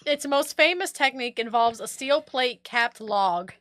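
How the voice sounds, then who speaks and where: A woman's voice: a little high, lively intonation, measured pace, a bit bright, dry recording, studio quality. A woman co-hosting a casual podcast, reading a news story aloud and breaking off to joke about it. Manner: reads news aloud with laughing asides.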